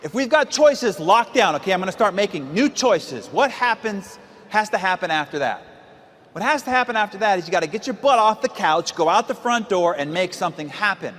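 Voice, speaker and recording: Emphatic high-voiced man, echoing hall. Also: fairly bright tone. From United States. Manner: emphatic, storytelling with rhetorical questions. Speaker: motivational speaker. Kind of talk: seminar talk to a live audience.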